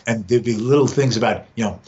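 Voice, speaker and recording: A podcast guest with a medium-pitched, slightly mellow voice talks through ideas at a quick pace, often repeating words while he thinks. The recording sounds dull and lo-fi, with faint noise in the background.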